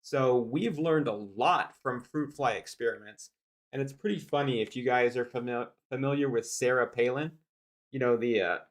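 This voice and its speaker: A man's voice: medium pitch, normal speed. Casual male livestream host. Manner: conversational, many fillers and asides. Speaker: livestream host reacting to a debate video. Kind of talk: casual commentary.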